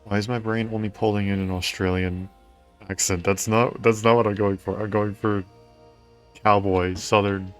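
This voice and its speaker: A low-voiced man narrates his own gameplay for a stream. He talks to himself in a puzzled, self-mocking way. Faint game music runs underneath. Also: flat delivery, moderate pace. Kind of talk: let's-play commentary.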